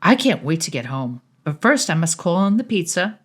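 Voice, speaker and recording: A woman narrating her own audiobook in first person, expressive and conversational. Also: moderate pace. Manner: expressive, swings pitch widely for dialogue.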